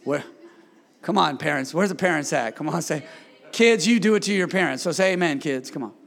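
Pastor, middle-aged man, gravelly and high-pitched, preaching in a church with long reverb. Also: a little fast. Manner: call-and-response preaching, swings from hushed to shouted. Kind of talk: sermon. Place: church sanctuary.

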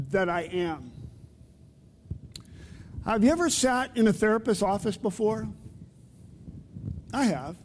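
A man's voice: high-pitched, darkish tone, in a large hall, slight background noise. A man preaching a sermon to his congregation in a conversational way, putting questions to his listeners. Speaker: pastor. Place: church sanctuary.

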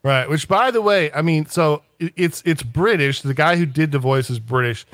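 A man in casual podcast talk, his voice a bit higher than most and recorded dry and close. He rambles, restarts often and drops sneering asides. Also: normal speed, a bit bright, no echo.

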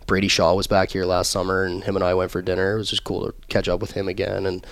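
A man's voice: sits low, monotone, fast, vocal fry, dry recording. A young man and pro hockey player telling easygoing, rambling stories as a podcast guest, full of fillers. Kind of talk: casual podcast chat.

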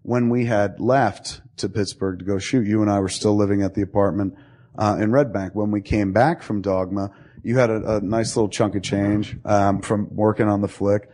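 A man's voice: on the low side, steady tone, normal speed, warm tone. A man in his forties hosting a podcast, telling long, profane stories and laughing as he goes. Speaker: podcast host. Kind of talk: casual storytelling.

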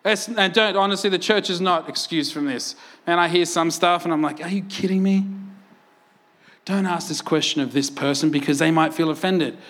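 A man with a high voice preaches to his congregation in a lively, animated way. He fires off rhetorical questions and laughs often between his points. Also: a little fast, hardly any pauses. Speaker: pastor. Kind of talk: sermon. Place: church.

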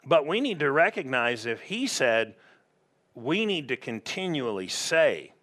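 A middle-aged man preaching a sermon as pastor, animated and conversational, acting out little voices to make his points. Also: medium pitch, measured pace.

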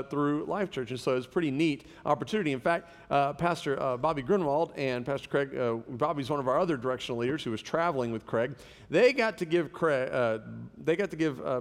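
Male pastor, high lively voice, joking storyteller, big echoey church hall. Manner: animated storytelling with humor. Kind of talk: sermon.

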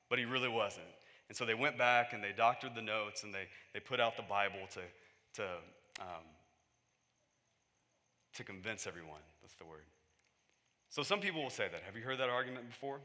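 A man's voice: medium pitch, sharp tone, big-room sound. A man preaching a conversational sermon as a pastor, acting out quoted voices and building to emphatic peaks.

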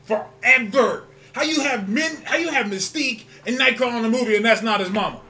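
Very high-voiced man, joking and emphatic. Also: a little fast, bright, forceful tone. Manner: joking, emphatic, uses slang and profanity. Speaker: podcast co-host. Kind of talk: casual movie-ranking banter.

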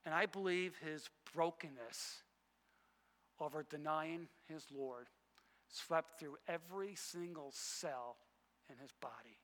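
High, bright-voiced preacher in a reverberant hall. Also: male voice, slow. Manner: emphatic, repeats phrases, swings between loud and hushed. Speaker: pastor. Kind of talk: sermon.

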